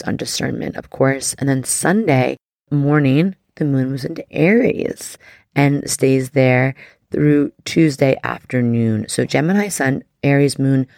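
Gravelly-voiced woman hosting a podcast. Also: sits low, a little mellow, no echo, clean studio sound. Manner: effusive and heartfelt, heavy use of "like". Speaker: astrology podcast host. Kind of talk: casual podcast monologue.

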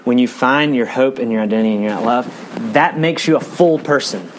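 Earnest male pastor preaching. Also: slight background noise. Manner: earnest, builds in fast emphatic runs, then drops low and quiet. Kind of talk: sermon.

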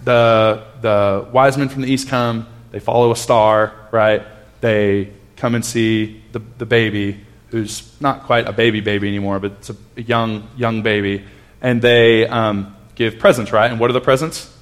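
A man in his thirties preaching a conversational sermon, telling a personal story earnestly with frequent restarts and dropping to a hush at tender moments. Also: fairly low pitch, steady tone, a little slow. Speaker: pastor.

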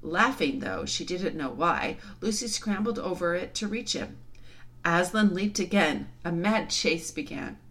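A woman reading a children's novel aloud in an expressive, dramatic storytelling style. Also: on the low side, a little slow. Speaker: storybook reader.

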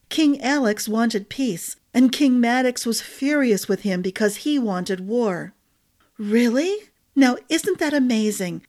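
A woman voicing a gossipy, motherly head cook who talks with emphatic fondness. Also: a little high.

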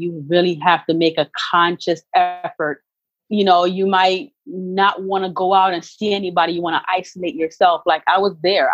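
Earnest woman, low voice, dry sound. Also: slightly rough, no room sound, highs cut off. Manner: earnest, emphatic, faith-filled storytelling. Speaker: guest, author and actress. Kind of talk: candid interview talk.

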